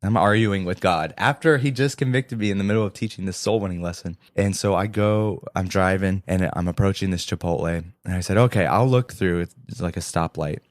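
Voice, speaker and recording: Deep-voiced man telling an earnest testimony. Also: fairly quick, few pauses, dry recording. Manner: earnest, animated storytelling with quoted dialogue. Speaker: podcast co-host. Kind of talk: storytelling testimony.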